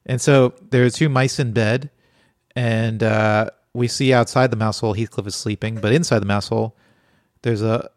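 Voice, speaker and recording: A man's voice: fairly low pitch, steady tone, normal speed, dry recording, clean studio sound. A man co-hosting a podcast who chats casually and tells anecdotes, laughing often. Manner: chatty storyteller, laughs often. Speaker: podcast co-host. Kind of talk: casual chat.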